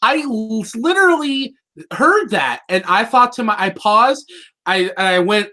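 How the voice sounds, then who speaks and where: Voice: medium pitch, expressive, measured pace, sharp tone. A co-host in a casual review chat who rambles, cracks jokes and trips over words while retelling the plot. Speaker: co-host of a cartoon review show.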